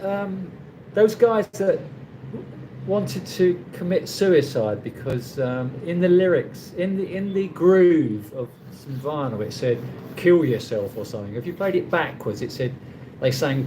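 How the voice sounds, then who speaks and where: On the high side and a little mellow, this man's voice comes through a low-quality recording with slight background noise. He's a middle-aged livestream host from London, England, speaking with a London accent as he chats casually, reads viewer comments, and rambles with many restarts.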